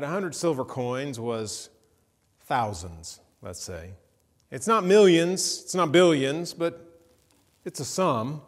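A man preaching a sermon, retelling a parable with vivid storytelling that rises into animated emphasis. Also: medium pitch, in a large hall. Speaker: pastor.

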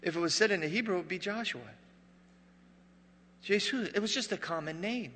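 Preaching in a high-sitting voice at a slightly quick pace, a pastor comes across as a joking, conversational storyteller who goes hushed at dramatic moments. The sound carries the character of a big room.

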